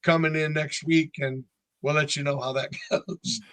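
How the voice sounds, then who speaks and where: High-voiced storytelling man in his sixties. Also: moderate pace, no room sound. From North Carolina. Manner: animated storyteller who acts out voices. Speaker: band member guest. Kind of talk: casual interview chat.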